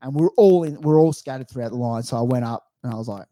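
A man's voice: medium pitch, fast, hardly any pauses, mellow. A young Australian man telling a rambling, sweary story as a casual podcast co-host. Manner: rambling, swears freely, acts out quotes.

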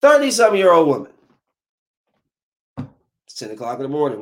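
A man's voice: fairly high pitch, wildly swooping pitch, a little fast. A young adult man delivering a comic monologue, full of incredulous rhetorical questions. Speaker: comedian. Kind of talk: stand-up style comic monologue.

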